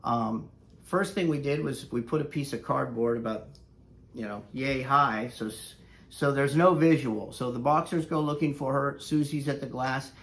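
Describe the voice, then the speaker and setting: A man's voice: mid-range voice, normal speed, a bit bright. Rambling, conversational male dog trainer. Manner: rambling, conversational, with frequent fillers. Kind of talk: casual vlog storytelling.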